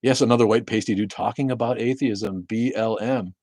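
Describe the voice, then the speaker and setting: Deep-voiced, profane, rambling man in his fifties. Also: steady tone, a little fast, a little mellow, dry recording, clean studio sound. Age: 50s. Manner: profane, rambling, with many restarts. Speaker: livestream host. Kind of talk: casual livestream rant. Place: home in Maine.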